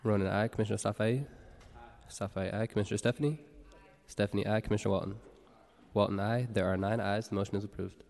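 A low-voiced man reads roll call and public notices at a quick clip, his tone dark and mellow. He is a board clerk who keeps things procedural. The sound carries a long reverb from a large council chamber. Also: fairly even intonation, vocal fry. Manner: brisk, procedural reading. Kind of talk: reading roll call and announcements.

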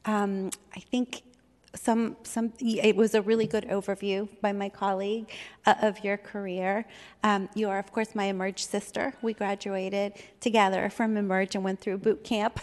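A woman's voice: mid-range voice, level tone, moderate pace. A woman on a government board giving a heartfelt, unscripted tribute, speaking emotionally with many fillers. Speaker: board supervisor. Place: government meeting chamber. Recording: long reverb of a meeting chamber.

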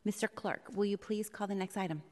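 A woman chairs a public board meeting from the dais, measured and courteous, with the odd filler as she moves through the agenda. Her mid-pitched voice carries a long reverb from the large legislative chamber around her. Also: fairly even intonation, a little mellow. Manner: measured, polite, with occasional fillers. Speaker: vice chair presiding over a board meeting. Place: legislative chamber in a city hall.

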